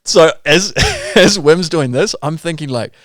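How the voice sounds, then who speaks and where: A man with a New Zealand accent, a podcast guest, telling stories in a relaxed way full of "like" and "bro". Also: a little high, unhurried, no room sound, clean studio sound. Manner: laid-back, filler-heavy, lots of "like" and "bro". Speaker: podcast guest, pro skier. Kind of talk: casual podcast storytelling.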